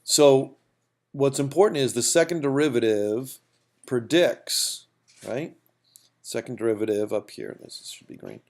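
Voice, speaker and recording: A math teacher gives a casual calculus lesson at a whiteboard, repeating phrases and checking in with "okay?" and "right?". He speaks at medium pitch and an unhurried pace.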